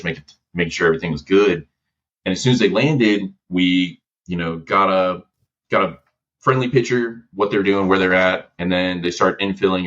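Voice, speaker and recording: Low-voiced male guest, casual slangy storyteller, muffled recording. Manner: relaxed, slangy, many fillers. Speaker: podcast guest, veteran. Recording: dull lo-fi audio.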